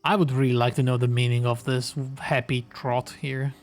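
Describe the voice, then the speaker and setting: A man's voice: medium pitch, flat delivery, normal speed, soft background music. Sarcastic male game streamer. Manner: sarcastic, swears casually. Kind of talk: live gameplay commentary.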